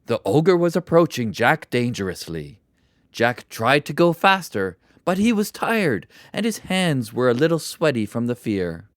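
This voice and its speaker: Slow, expressive storybook narrator. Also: mid-range voice, no room sound, clean studio sound. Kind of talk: storybook reading for English learners.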